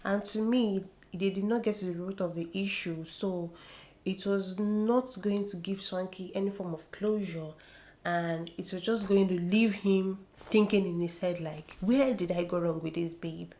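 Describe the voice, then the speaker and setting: A woman's voice: medium pitch, unhurried. A young woman vlogging about a reality show in an opinionated, gossipy chat. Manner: chatty, opinionated, animated gossiping. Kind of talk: casual chat.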